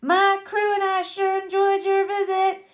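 A woman voicing a rowdy, joyful ghost pirate captain who shouts and whoops, in a storybook read-aloud. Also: very high voice, completely flat delivery, a little slow, pitched above the performer's own voice. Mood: hearty.

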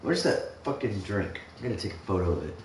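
A man's voice: on the low side, expressive, fairly quick, a little mellow. A young man streaming a game, chatting casually in a rambling, swear-heavy way full of fillers. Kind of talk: casual chat while gaming. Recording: echoey room, mic far off, faint noise.

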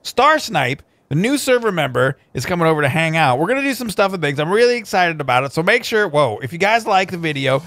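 A man hosting a gameplay video, upbeat and excitable, joking with a guest. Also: sits high, fast talker, few pauses. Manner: upbeat and excitable, playful banter. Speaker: host. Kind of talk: casual gameplay commentary.

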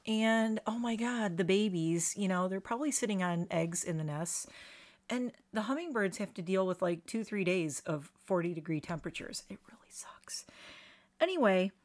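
A woman's voice: medium pitch, normal speed. A middle-aged woman with a slight lisp, chatting casually and rambling through a live makeup stream, self-deprecating and full of fillers. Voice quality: slight lisp on her S sounds. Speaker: beauty vlogger doing a live stream.

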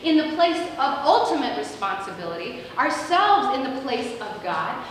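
High-voiced woman preaching in an echoey church. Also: a little slow, few pauses, far from the mic, a little hiss or hum. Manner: storytelling with lively acted-out quotes. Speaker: pastor. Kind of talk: sermon. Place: large church sanctuary. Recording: echoey church hall recorded from afar.

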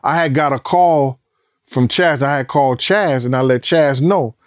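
Speaking at a moderate pace in a mid-range voice, a middle-aged ex-bodyguard tells a story during a casual interview. He swears, stays animated, and acts out both other voices and gunfire. The recording has studio quality and no room sound.

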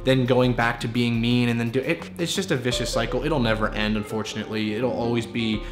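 A man's voice: medium pitch, fairly even intonation, fairly quick, over music. A man giving earnest, lecturing commentary on his vlog, sometimes repeating himself for emphasis. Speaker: commentary youtuber.

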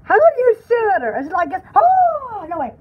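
A very high, swooping voice of an excitable pampered poodle, rambling and squealing like a cartoon shopping-show host. It is a comic pet voice-over, and the dull, lo-fi home recording keeps its squeaks slightly muffled. The pitch leaps up and down all the time. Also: female voice, quick pace. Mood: excited.

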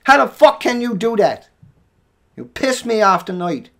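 A man hosting a livestream who rants furiously, hurling profane insults and sometimes shouting. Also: high-pitched, big pitch swings, a little slow, gravelly. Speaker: livestream host. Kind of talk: angry livestream rant.

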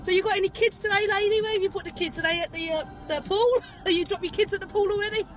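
A woman's voice: very high voice, fast talker, recorded from a distance, pitched above the performer's own voice. A woman playing a cheeky bearded cabbie. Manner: silly, rambling, giggly banter. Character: chatty bearded male taxi driver, cheeky and rambling. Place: inside a parked car. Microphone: phone camera.

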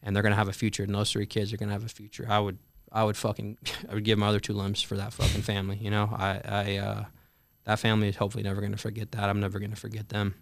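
A young man in his twenties telling a story in a candid, profane way, halting with many fillers in an interview. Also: on the low side, monotone, creaky, no echo. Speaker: guest, Marine veteran.

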